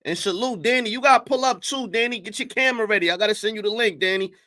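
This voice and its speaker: A young man hosting a live stream, reacting to a clip with animated, incredulous commentary and talking to his chat. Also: high voice, fast talker. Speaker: streamer reacting to battle rap clips.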